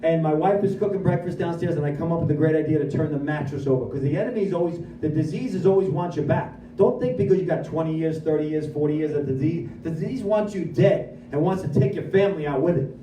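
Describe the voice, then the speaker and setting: Mellow-voiced man telling his recovery story. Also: a little high, fast, a little hiss or hum. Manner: animated storyteller who acts out his own dialogue. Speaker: guest speaker at a recovery meeting. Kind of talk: personal recovery testimony. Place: meeting room at a recovery center. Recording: echoey room, voice from far off.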